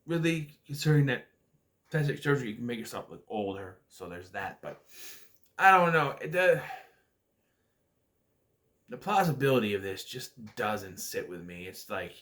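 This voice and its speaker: A man's voice: medium pitch, sing-song, normal speed, pauses often, fairly bright tone. Rambling man reviewing a movie. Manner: rambling, hesitant, many restarts and acted-out quotes. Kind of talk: casual movie review vlog.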